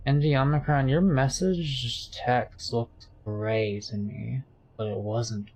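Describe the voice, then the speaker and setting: A man's voice: mid-range voice, fairly even intonation, takes it slowly, a little mellow. A man streaming a game, chatting casually in a rambling, jokey way while he reads chat.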